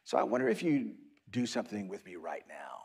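Gravelly low-voiced pastor preaching. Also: male voice, big pitch swings, brisk. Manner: reflective, leads listeners through whispered affirmations. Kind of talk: sermon. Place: church or studio, online worship service.

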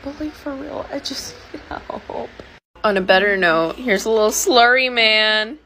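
A woman's voice: mid-range voice, lively intonation, unhurried, pushed and bright, a little hiss or hum. A young woman in a casual self-filmed vlog, rambling in a fed-up, self-mocking way into her phone.

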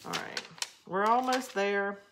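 A woman's voice: mid-range voice, takes it slowly, noisy background. Chatty Southern-drawl woman crafting live. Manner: rambling, chatty, answers viewer comments. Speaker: craft channel host. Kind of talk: casual live crafting chat.

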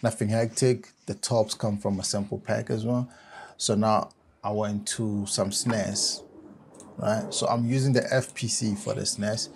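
A man from South Africa, a music producer, giving a relaxed step-by-step software tutorial on making a track. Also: fairly low pitch, measured pace, gravelly, noisy background.

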